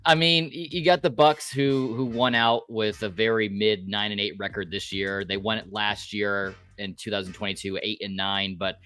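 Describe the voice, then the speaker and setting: A man's voice: on the low side, steady tone, normal speed, few pauses, pushed and bright, clear, resonant tone. A young man guesting on a sports podcast, blunt and rambling, with casual swearing.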